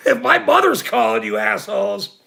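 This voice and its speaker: A middle-aged man hosts a casual livestream in a slow, rambling rant, indignant and quick to laugh. His voice sits unusually high and sounds very gravelly, with a bright edge. His pitch swings widely as he goes. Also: expressive. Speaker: livestream host.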